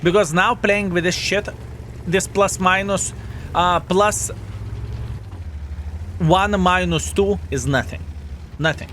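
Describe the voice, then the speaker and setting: A man's voice: high voice, steady tone, takes it slowly, long pauses, a bit bright, a little hiss or hum. A man streaming a tank game, commenting on the action, swearing and thanking chat viewers by name. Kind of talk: live gameplay commentary and chat reading.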